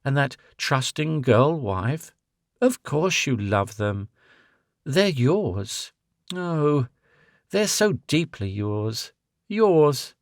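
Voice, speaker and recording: A man voicing a grown woman who is tender, sorrowful and resolute, speaking with soft pleading. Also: medium pitch, sing-song, extremely slow, no echo, studio quality, full character voice.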